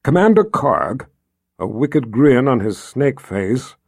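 A man reading a fantasy novel aloud in a steady, measured narration. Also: mid-range voice, gravelly, husky, no room sound, studio quality. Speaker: audiobook narrator.

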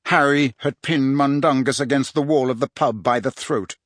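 A man narrating an audiobook in an expressive storytelling style on a close studio mic. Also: mid-range voice, normal speed, few pauses, no echo. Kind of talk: scripted narration.

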